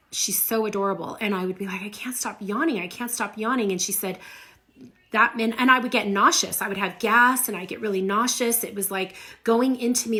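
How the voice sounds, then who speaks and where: Chatty middle-aged woman on a livestream. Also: mid-range voice. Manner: chatty, animated storytelling. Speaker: livestream host. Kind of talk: casual live chat.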